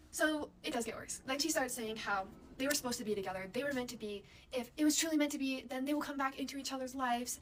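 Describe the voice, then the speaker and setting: A woman's voice: on the high side, fairly bright tone, slight background noise. A young adult woman telling a storytime in a chatty way, full of filler words and dropping to whispered asides. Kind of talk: casual storytime.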